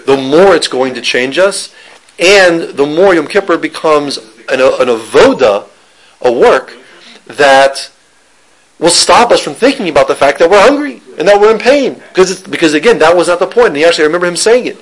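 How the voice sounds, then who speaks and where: A man's voice: a little high, expressive, normal speed, low-quality recording. A man giving an informal Torah lesson, talking conversationally with restarts and joking with listeners. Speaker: teacher giving a Torah class.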